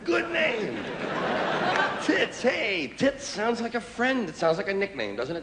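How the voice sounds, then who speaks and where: A man performing stand-up comedy on stage, his voice riding high and swinging widely in pitch. His delivery is wry and drawn out, with sudden loud jumps. The live recording carries crowd laughter and a steady hiss behind him. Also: a little slow. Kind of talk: stand-up routine. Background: audience laughter.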